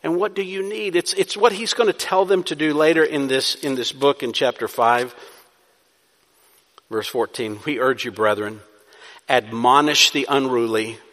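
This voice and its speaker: A man preaching a sermon as pastor, moving between soft, pleading passages and loud, urgent exhortation. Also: medium pitch, a little slow, long reverb tail.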